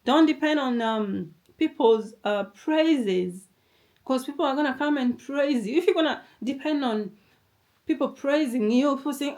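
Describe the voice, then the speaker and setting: A young adult woman speaks in a non-native English accent, her voice sitting slightly high. She delivers a motivational talk to camera, pressing each point through repetition and warmly calling the listener darling. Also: unhurried. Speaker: motivational vlogger.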